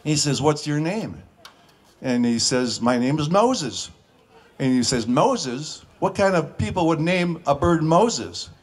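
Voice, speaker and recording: A man's voice: fairly high pitch, animated, takes it slowly. Folksy man telling jokes on stage. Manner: folksy, with filler uhs and restarts. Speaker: comedian. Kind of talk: stand-up joke telling.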